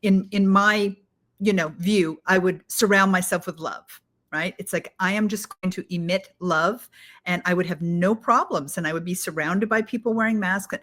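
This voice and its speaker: A woman's voice: lowish voice, fairly even intonation, moderate pace, a bit bright. A woman hosting an interview, restarting her sentences as she works out her questions. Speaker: podcast host. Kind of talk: interview conversation.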